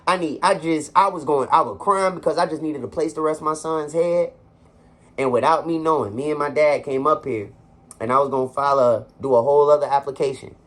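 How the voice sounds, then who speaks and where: A man's voice: fairly high pitch, fairly quick. A young man talking earnestly and conversationally to his viewers from his apartment, urging them on like a motivational speaker. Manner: earnest, preachy, conversational, addresses viewers directly. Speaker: vlogger. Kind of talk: heartfelt motivational monologue.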